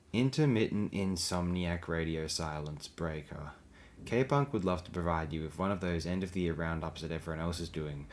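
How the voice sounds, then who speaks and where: A man's voice: low voice, a little hiss or hum. A man reading blog posts aloud as an audiobook, with a dry, sardonic delivery. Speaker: audiobook reader.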